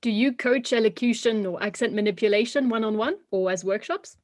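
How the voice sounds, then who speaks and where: A woman's voice: a little high, a little fast. Woman asking interview questions.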